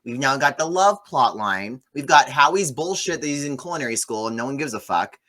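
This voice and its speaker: A man hosting a casual movie review chat, recapping the plot with sarcastic, animated asides. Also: mid-range voice, fairly quick. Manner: sarcastic, animated storytelling with swearing. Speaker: podcast host reviewing a movie.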